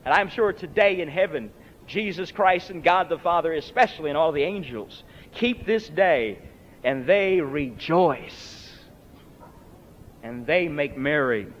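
A man's voice: animated, unhurried. A man preaching a sermon in an emphatic, dramatic way, his voice rising and falling sharply. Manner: emphatic, dramatic swings in pitch and loudness. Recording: lo-fi recording with long hall reverb.

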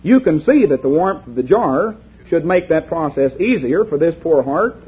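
A man reading aloud as a patient old medieval physician, in measured, earnest speech. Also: a little high, big pitch swings, husky, exaggerated voice. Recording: lo-fi tinny recording.

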